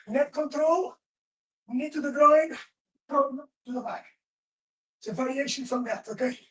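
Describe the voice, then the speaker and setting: A woman teaching self-defense in a live class, giving short commands while she demonstrates moves. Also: sits high. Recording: roomy echo from far off.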